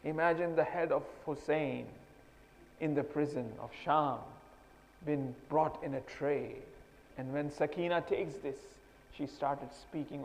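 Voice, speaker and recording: Man, preacher, impassioned sermon, gravelly voice, fairly high, long reverb of a mosque hall. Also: unhurried, dull audio. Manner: emotional storytelling, rising to impassioned pleading.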